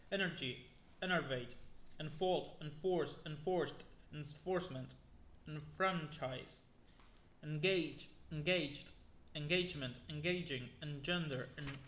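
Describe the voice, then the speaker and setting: A young man plods through a long list of words, one after another, sometimes tripping and starting a word over. His voice sits a little high for a man. The sound bounces around an echoey room. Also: a bit bright. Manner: plodding word-by-word reading with restarts and weary asides. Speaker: YouTuber. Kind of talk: reading a word list aloud.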